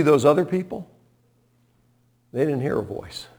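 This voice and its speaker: A man preaching a sermon, telling folksy stories and swinging from hushed tones to loud, impassioned appeals. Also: mid-range voice, animated, moderate pace, gravelly, pauses often. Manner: folksy, storytelling.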